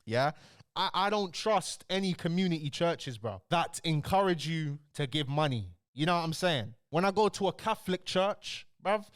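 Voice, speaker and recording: A man's voice: on the high side, expressive, moderate pace, no echo. Blunt London man ranting, dry close mic. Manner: blunt, heated, slangy. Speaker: commentary channel host. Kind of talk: casual reaction commentary.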